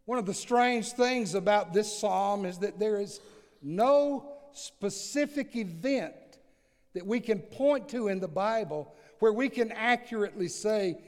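Pastor, male, slightly high voice, slow deliberate sermon delivery, long hall echo. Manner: slow, earnest preaching with dramatic swings in volume.

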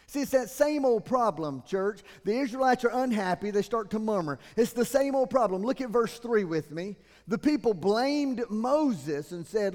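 A man, preaching a sermon as pastor in a church, moving between loud emphatic passages and quiet, earnest asides. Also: high-pitched, lively intonation, measured pace, hardly any pauses. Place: church sanctuary. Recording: long hall reverb.

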